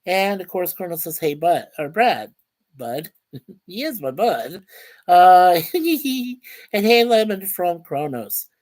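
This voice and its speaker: A livestream host, possibly middle-aged, speaks slowly in a high, sing-song, slightly mellow voice. He chats casually about his picks, reads viewer comments aloud, and greets people by name, often stumbling and repeating words.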